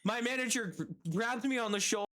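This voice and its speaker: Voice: medium pitch, fast talker, fairly bright tone. A streamer casually telling a work story, swearing and acting out the people in it. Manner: swearing, laughing at his own story; acts out quoted customers and bosses.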